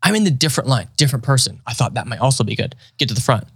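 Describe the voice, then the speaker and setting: A man tells a funny everyday story in casual conversation, switching into quick impressions of the people he met. His voice swings widely in pitch, and the recording is dry and close with no room sound. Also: husky, no room sound. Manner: animated, acts out voices of others in his stories.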